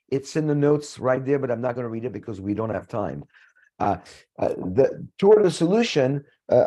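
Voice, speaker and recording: A man giving an earnest lecture-style presentation with slides, talking in a halting way with frequent restarts and repeated words. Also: mid-range voice, warm tone. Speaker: conference speaker presenting slides.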